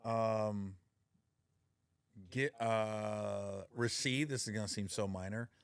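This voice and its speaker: A man hosting a podcast, telling personal stories in a casual, animated way and acting out the people in them. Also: lowish voice, slow pace, vocal fry, smooth. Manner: animated storyteller, acts out quoted voices, laughs often. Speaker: podcast host. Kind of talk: casual storytelling chat.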